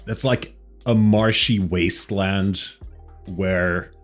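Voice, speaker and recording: A man chatting casually on a stream, unhurried and low-pitched, with soft music under his voice. His talk rambles and mocks himself, and he laughs often. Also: steady tone. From Flanders, Belgium. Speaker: livestreamer. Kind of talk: casual chat.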